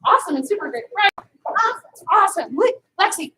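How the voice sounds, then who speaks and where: A woman karate instructor leading a children's class in an indoor studio, upbeat, calling students by name and shouting commands. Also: extremely high pitch, big pitch swings, quick pace, roomy sound, a little hiss or hum, rough recording.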